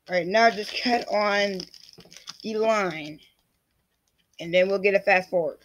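A man's voice: high voice, unhurried, long pauses, fairly bright tone, a little hiss or hum. A man casually vlogging an unboxing, rambling and restarting his sentences as he talks to himself, his voice cracking now and then. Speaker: YouTuber.

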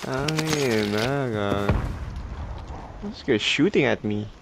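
A man's voice: medium pitch, slow pace. A young man with a Filipino accent chatting casually with friends while gaming, swearing freely. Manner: swearing, switching between English and Tagalog. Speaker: streamer. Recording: game noise under voice.

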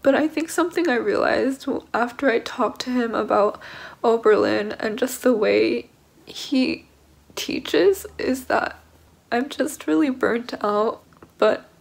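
Creaky-voiced young woman, emotional vlog talk. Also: on the high side. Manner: rambling, emotional, candid, with nervous laughs. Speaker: violin student vlogger. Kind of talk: casual vlog talk to camera.

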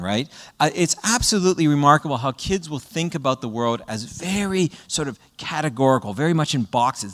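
A man giving a public talk to parents, an animated storyteller who often checks in with "right?" and acts out what children say. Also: medium pitch, big-room sound. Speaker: guest speaker. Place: presentation hall.

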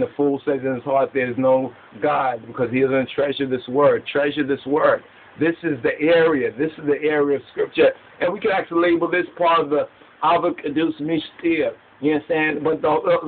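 Man preaching over tinny audio. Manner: keeps asking "you understand?" and "right?"; rises sharply in pitch when stirred. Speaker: Rastafari teacher. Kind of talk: sermon-style Bible study.

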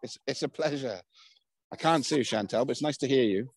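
A man hosting a spiritual live stream from a hilltop at night, talking in a gentle, thankful, rambling way full of fillers, into a handheld phone. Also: medium pitch, brisk, husky, no room sound, poor audio. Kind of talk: casual live-stream chat.

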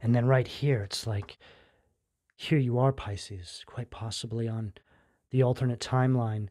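A man's voice: mid-range voice, fairly even intonation, a little slow, warm tone, dry recording, clean studio sound. Man giving a casual tarot reading. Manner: conversational, keeps asking "right?", fillers. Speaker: tarot reader.

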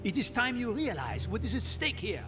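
Pompous blustering emperor. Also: male voice, high voice, very animated, moderate pace. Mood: brusque. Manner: brusque, pompous, commanding. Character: blustering male emperor impression. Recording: game audio with music underneath.

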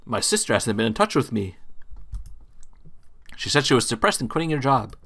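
A man's voice: mid-range voice, sing-song, moderate pace, gravelly, fairly bright tone, exaggerated voice. A man reading the lines of a worried young woman looking for her sister, in his own plain voice.

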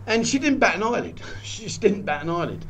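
A man earnestly telling a personal story, often halting and repeating words. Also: high-pitched, very animated, a bit bright. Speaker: guest telling his story.

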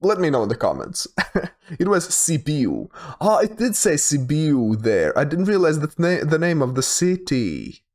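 Slow, musing young man playing a map game. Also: mid-range voice, darkish tone. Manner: thinking aloud, hesitant, repeats words. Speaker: game streamer. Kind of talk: casual gameplay commentary.

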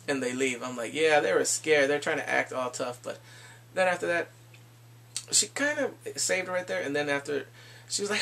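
A man's voice: fairly high pitch, lively intonation, brisk, creaky, fairly bright tone. A man recapping an anime episode in a casual review, acting out scenes with laughs and exclamations.

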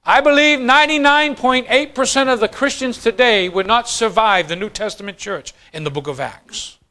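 A man preaching a sermon as pastor, swinging from quiet, low lines to fast, loud bursts.

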